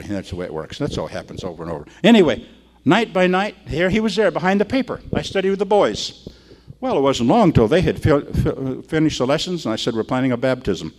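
An older man preaches in a relaxed, folksy manner, as if chatting with his congregation. His voice sits in an ordinary middle pitch, and he slips into the voices of the people in his anecdotes. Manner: folksy, conversational, acts out the people in his stories. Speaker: pastor. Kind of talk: sermon with storytelling.

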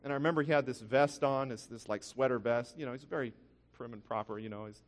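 A man's voice: medium pitch, quick pace. Earnest man preaching in a reverberant hall. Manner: earnest, animated storytelling with frequent restarts. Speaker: pastor. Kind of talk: sermon storytelling.

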